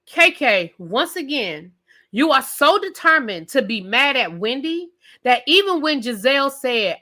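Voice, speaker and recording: On a live stream, a woman reviews a reality TV show, ranting with emphatic, profane commentary aimed straight at her viewers. Her high voice is animated, bright, and forceful, at a moderate pace.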